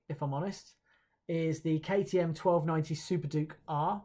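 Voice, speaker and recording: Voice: medium pitch, moderate pace, darkish tone. Chatty, hesitant awards presenter. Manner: chatty and hesitant, with many fillers and self-corrections; light self-mocking humor. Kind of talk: live-streamed awards announcement, reading viewer comments.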